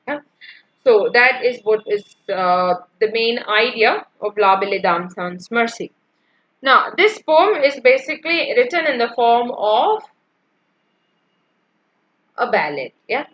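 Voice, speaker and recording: A woman's voice: fairly high pitch, fairly bright tone, muffled recording. A woman teacher explaining poetic meter in an exam-prep lecture, checking in with "yeah" and counting out the feet aloud. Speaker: English literature teacher.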